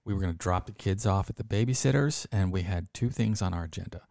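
A man's voice: low-pitched, quick pace, gravelly, no room sound, studio quality. A man hosting a podcast, telling a story in a casual way and acting out the voices of the people in it. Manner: lively storyteller who acts out quoted voices. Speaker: podcast host.

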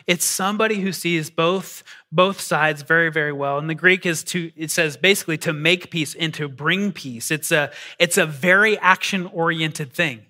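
A man preaching a sermon to a congregation, animated and repeating words as he goes. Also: fairly high pitch, normal speed. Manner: animated, repeats words, acts out quoted voices. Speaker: pastor. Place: church hall before a congregation.

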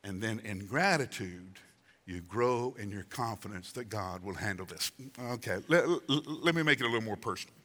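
A man's voice: lowish voice, animated, normal speed, fairly bright tone. A man in his sixties preaching a conversational sermon as pastor, acting out voices for emphasis. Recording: reverberant hall.

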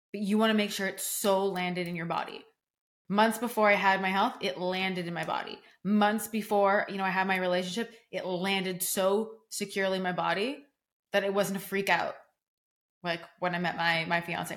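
A woman's voice: medium pitch, fairly bright tone. Emphatic, casual young woman podcaster. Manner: casual, emphatic, fillers like "like", acts out quoted reactions. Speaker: podcast host and coach. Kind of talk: solo podcast talk.

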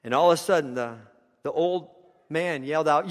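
A man's voice: a little high, a little fast, big-room sound. A man preaching a sermon, telling a story with passion, his intensity rising and falling.

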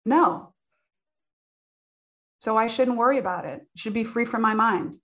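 Earnest higher-voiced woman in her forties. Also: a little slow, a bit bright. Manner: earnest, conversational, with many filler "like"s. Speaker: business owner sharing advice. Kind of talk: personal advice talk.

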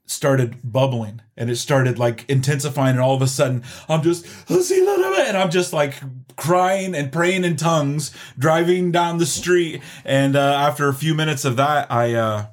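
Middle-aged guy sharing his testimony, earnest, stops and restarts a lot. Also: medium pitch. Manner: earnest, halting, many restarts. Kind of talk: emotional personal testimony.

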